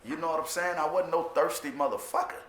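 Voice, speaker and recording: A man's voice: a little high, fast talker, echoey room, noisy background. A middle-aged man telling his own prison story in blunt street talk, swearing a lot and repeating lines for emphasis. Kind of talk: personal storytelling to camera.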